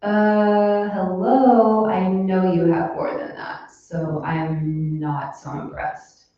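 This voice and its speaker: A woman's voice: mid-range voice, steady tone, takes it slowly, faint music behind, natural voice. A woman putting on a sarcastic, unimpressed male god, in an echoey hall from a distance. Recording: echoey hall, distant mic, dull sound.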